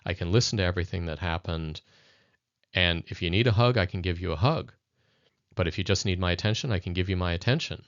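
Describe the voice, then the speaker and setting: A man's voice: low voice, dry recording. A man teaching in a conversational video lesson, speaking thoughtfully and addressing viewers directly. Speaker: educator. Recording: dull lo-fi dry recording.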